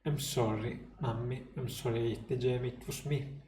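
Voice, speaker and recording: A man's voice: mid-range voice, fairly even intonation, moderate pace, a little mellow, a little hiss or hum, natural voice. A man reading the lines of a feverish, delirious young girl who is dying, in a pleading, tearful way. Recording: roomy room, faint music.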